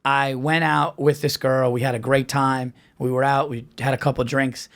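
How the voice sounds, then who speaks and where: A man on a podcast telling a story in casual, profane, animated chat, laughing as he goes. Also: medium pitch, normal speed. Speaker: podcast host.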